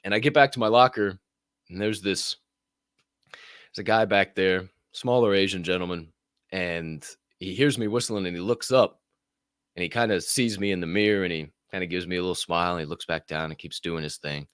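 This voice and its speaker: A middle-aged man co-hosting a podcast, telling stories casually with lots of swearing and loud acted-out quotes. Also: low-pitched, moderate pace, clean tone, no echo, studio quality. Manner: animated, profane, acts out other people's voices loudly. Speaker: podcast co-host. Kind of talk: casual storytelling.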